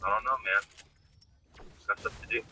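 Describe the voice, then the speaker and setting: A young man streaming from his car, teasing his friends in profane banter while his voice is going hoarse. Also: fairly low pitch, moderate pace, bright, forceful tone, a little hiss or hum, rough recording. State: losing his voice. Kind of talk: casual chat with friends.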